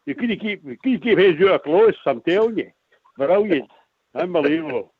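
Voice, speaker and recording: Excitable man on a phone line. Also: a little high, normal speed, breathy edge, dry recording. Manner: excitable, repeats words, lively. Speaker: caller. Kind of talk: casual call-in chat.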